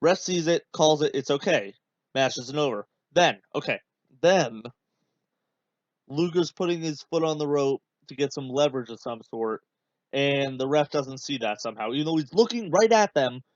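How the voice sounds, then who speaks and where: A man's voice: fairly high pitch, lively intonation, moderate pace, dry recording. A man hosting a podcast, talking casually over a match he is watching, rambling with many fillers and turning sarcastic and exasperated. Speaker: podcast host. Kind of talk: casual watch-along commentary. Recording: dull, dry podcast mic.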